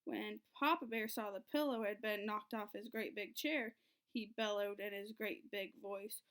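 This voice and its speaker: A woman teacher reading a storybook aloud to children, in an expressive storytelling way. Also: medium pitch, a little slow. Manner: expressive, sing-song storytelling.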